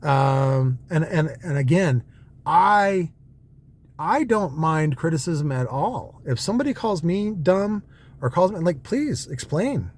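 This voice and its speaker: A man's voice: fairly high pitch, big pitch swings, takes it slowly. A man vlogging from a car on a night drive, talking in a loose, rambling way with lots of fillers and restarts. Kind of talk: casual rambling monologue.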